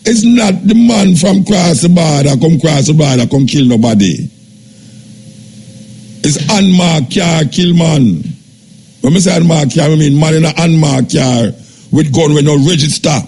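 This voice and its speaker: An older Jamaican man hosting a radio talk show. He gives a measured, skeptical monologue in Jamaican Patois. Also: fairly high pitch, a little mellow, slightly rough. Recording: radio broadcast with faint background noise.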